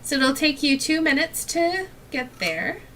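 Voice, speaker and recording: A woman leads the others through a board game, calmly guiding each step and breaking into laughter now and then. Her voice is bright and a little high. She sits slightly back from the mic. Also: a little slow, far from the mic, slight background noise. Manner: patient, guiding, laughs often. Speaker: game host explaining the rules. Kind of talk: casual tabletop game play.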